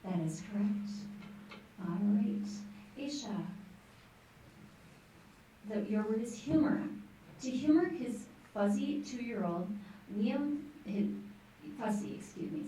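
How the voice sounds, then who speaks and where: A woman pronouncing words and reading example sentences at a school spelling bee, in a clear, encouraging, teacherly way. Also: fairly high pitch, dark tone. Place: large school room. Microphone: distant microphone. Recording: echoey room from far off, faint noise.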